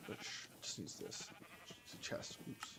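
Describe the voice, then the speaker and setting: A man streaming a game, rambling to himself as he plays and trailing off mid-word. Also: a little slow. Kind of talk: casual gameplay commentary. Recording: noisy game stream audio.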